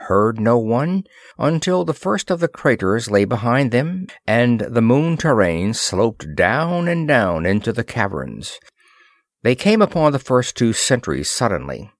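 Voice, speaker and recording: A man narrating a pulp science fiction story in a measured, expressive way. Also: medium pitch, dry recording, studio quality. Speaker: audiobook narrator.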